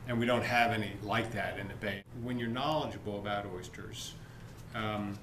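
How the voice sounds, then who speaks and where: Man, oyster expert, thoughtful, hesitant, lowish voice, echoey noisy room. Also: fairly even intonation, normal speed. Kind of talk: interview answer.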